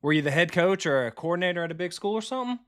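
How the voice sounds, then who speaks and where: A video game streamer who is also a football coach comments live on a football game in a high, animated, slightly bright, smooth voice. He chats with viewers casually and bluntly, swearing and reacting fast to the action.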